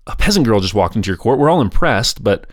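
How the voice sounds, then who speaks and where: A man's voice: on the low side, big pitch swings, fast, dry recording. Chatty male history podcaster, dry sound. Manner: chatty, jokey asides, restarts. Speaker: podcast host. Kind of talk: casual history storytelling.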